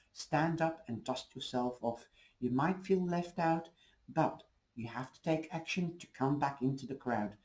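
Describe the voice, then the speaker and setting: A man's voice: a little high, warm tone, low-quality recording. A man giving a casual, rambling tarot reading to camera, losing his voice. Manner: rambling, reassuring, restarts often. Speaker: tarot reader.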